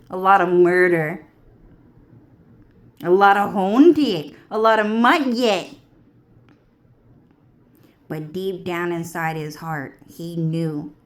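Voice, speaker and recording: A woman vlogger with a low voice rants at a crawling pace, swearing freely and looping back over her own phrases. Her delivery is rambling and repetitive, with drawn-out pauses. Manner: profane, repetitive, drawling. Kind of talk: rambling monologue.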